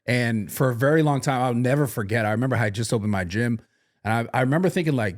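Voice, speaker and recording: A man's voice: medium pitch, fast talker. Earnest, reflective young man. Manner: earnest, reflective, many "like" fillers. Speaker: podcast host. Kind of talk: casual podcast chat.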